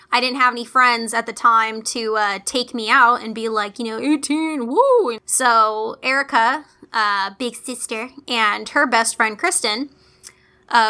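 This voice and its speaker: A young woman in her twenties telling a childhood story in a casual chat, animated and giggly, acting out the voices of others. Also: on the high side. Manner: animated, giggly, swears, acts out voices in quotes. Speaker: podcast co-host, younger sister.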